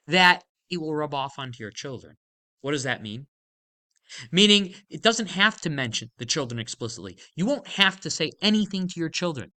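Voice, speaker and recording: Torah teacher, bright edge to the voice, lively pitch that swings high on the points, emphatic and explanatory. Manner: emphatic, animated explaining, casual fillers. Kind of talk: Torah lesson explaining a verse.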